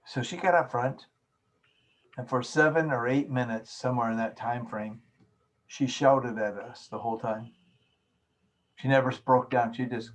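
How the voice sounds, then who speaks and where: Middle-aged male speaking instructor, mid pitch, instructive lecture delivery with demonstrations. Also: steady tone, a little slow, a bit bright, low-quality recording. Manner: instructive, demonstrates vocal techniques. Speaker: public speaking teacher.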